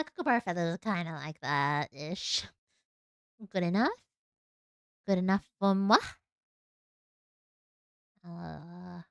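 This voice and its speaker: Her lowish voice has some gravel and a bit of brightness, recorded cleanly in the studio with no room sound. She's a young Australian woman casually chatting to her stream while drawing, giggling at herself in self-deprecating asides.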